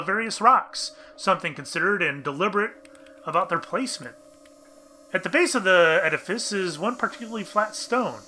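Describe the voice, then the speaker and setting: Young male let's-player, chatty and bemused, somewhat higher voice, very bright tone, faint game music behind. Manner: chatty, addresses viewers, bemused asides. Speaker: let's play gamer. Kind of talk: casual game commentary, reading on-screen text aloud.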